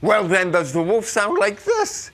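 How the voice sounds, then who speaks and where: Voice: medium pitch, huge pitch swings, a little slow, heavy background noise. An actor playing a big, friendly, silly wolf who chats playfully with the children in a live stage show. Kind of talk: live children's theatre, talking to the audience. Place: theatre stage with a live audience.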